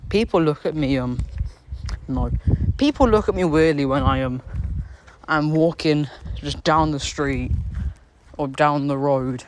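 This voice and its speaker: With a measured pace and long pauses, a British man with a slightly high voice chats on a live stream over slight background noise. He's on a street speaking into his phone, answering viewers casually while rambling, repeating phrases, and using many fillers and restarts.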